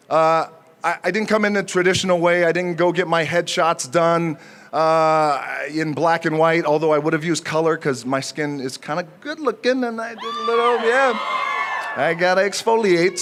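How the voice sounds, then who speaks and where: A man's voice: fairly high pitch, fairly bright tone. Man giving an off-the-cuff speech. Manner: off-the-cuff, joking, pausing often with fillers. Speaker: speaker at an outdoor honor ceremony. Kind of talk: unscripted acceptance speech. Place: outdoor ceremony with a crowd.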